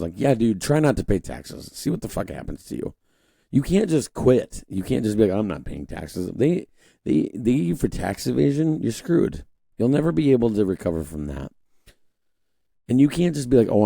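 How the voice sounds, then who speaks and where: A man's voice: sits low, vocal fry, warm tone, no echo, clean studio sound. A young man hosting a casual political commentary monologue, rambling with restarts and mocking voices when he quotes others. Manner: conversational, rambling with frequent restarts and fillers. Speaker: podcast host.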